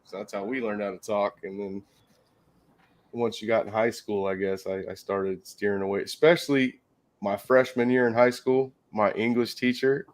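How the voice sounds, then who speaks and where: A man's voice: lowish voice, fairly even intonation, normal speed. A man with a Southern US accent hosting a casual live stream from his workshop, telling stories with lots of cursing and laughter. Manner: profane, laughing storyteller. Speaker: shop host.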